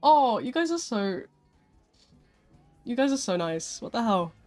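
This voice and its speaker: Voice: mid-range voice, big pitch swings, measured pace, darkish tone, soft background music. A live streamer chatting casually with viewers, rambling a little and filling gaps with "like" and "um". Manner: chatty and rambling, with frequent "like" and "um" fillers.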